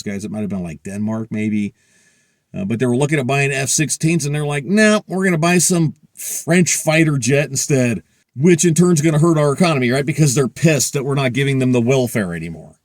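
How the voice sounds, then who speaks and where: A man's voice: medium pitch, fast talker, a little mellow, no echo, clean studio sound. A middle-aged man hosting a prepper channel, talking to camera in a blunt, profane, heated casual rant.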